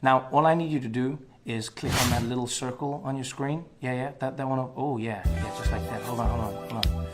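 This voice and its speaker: A man's voice: medium pitch, a little fast. A man speaking a coaxing, teasing outro voice-over that asks viewers to click. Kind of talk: casual scripted outro. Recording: voice over loud music.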